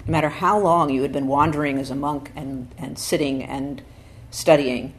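Low-voiced woman giving a dharma talk. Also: steady tone, a little hiss or hum. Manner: thoughtful, often checks in with "right?"; reads quotations slowly and with emphasis. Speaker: Zen teacher.

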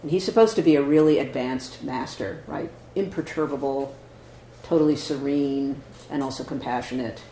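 With a warm, mid-range voice at a moderate pace, a male Zen teacher answers questions in a dharma talk, speaking conversationally and frequently tossing in "right?" and "you know". The recording is from a meditation hall, echoey with faint noise.

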